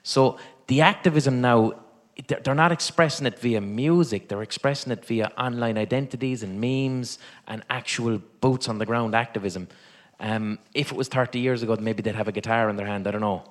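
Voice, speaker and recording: A man's voice: medium pitch, moderate pace. An Irish man doing profane, rambling live stand-up comedy as host in a venue. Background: faint audience.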